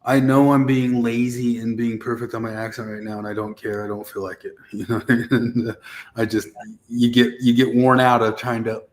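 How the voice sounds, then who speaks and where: Relaxed podcast dude, average pitch, chuckles and trails off a lot. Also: male voice, normal speed. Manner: easygoing, laughs often, trails off. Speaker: podcast co-host. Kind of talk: casual chat.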